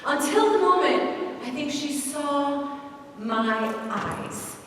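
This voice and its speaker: Woman speaker, high voice, lively and self-mocking, echoey hall, distant mic. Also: takes it slowly, a little hiss or hum. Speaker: speaker at a faith event. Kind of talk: storytelling talk.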